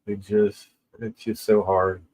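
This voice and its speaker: A man who is crying as he chats casually with livestream viewers, halting and tearful, with many pauses and restarts. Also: lowish voice, flat delivery, darkish tone, poor audio. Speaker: livestream host.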